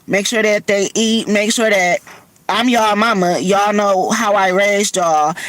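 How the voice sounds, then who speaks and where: A woman's voice: mid-range voice, steady tone, measured pace, fairly bright tone, dry recording, poor audio. A tearful woman, talking candidly and from the heart on her livestream, swearing casually. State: tearful from crying. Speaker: livestream host. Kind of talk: emotional personal livestream talk.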